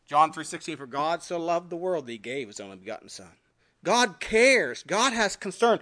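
A male pastor preaching a sermon, reading scripture aloud and swinging between emphatic rises and quiet, dropped endings. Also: fairly high pitch, big pitch swings, moderate pace. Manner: preaching with scripture readings in King James wording.

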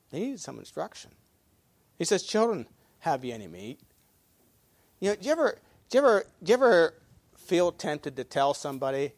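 A man preaching a sermon as pastor, folksy, swinging between loud emphasis and quiet asides. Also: high voice, animated, moderate pace, no echo.

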